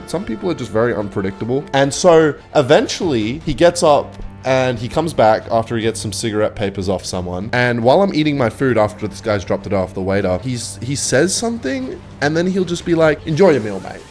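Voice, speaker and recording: A man's voice: mid-range voice, a little mellow. A young man telling a rambling, swear-filled story while commenting on his gameplay, often cutting himself off mid-sentence. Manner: rambling, swears a lot, self-interrupting. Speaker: gaming video creator. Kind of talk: casual storytelling over gameplay.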